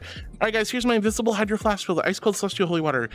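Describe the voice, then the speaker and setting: A man's voice: high-pitched, racing, fairly bright tone, faint music behind. A bubbly, affectionate man streaming and chatting casually as he reads out viewer messages. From Florida. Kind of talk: casual chat reading messages.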